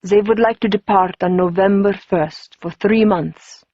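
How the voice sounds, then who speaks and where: A woman's voice: medium pitch, unhurried, no room sound, natural voice. Frail elderly butler, thick accent, dry and courteous; a woman puts him on. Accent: thick foreign accent. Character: elderly foreign male butler, bony and frail. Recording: dull, muffled audio.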